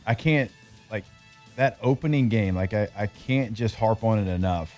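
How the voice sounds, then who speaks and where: A man's voice: fairly low pitch, normal speed, darkish tone, soft background music. A man hosting a sports radio show, talking loosely with lots of fillers as he rattles off team schedules. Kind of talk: casual sports talk.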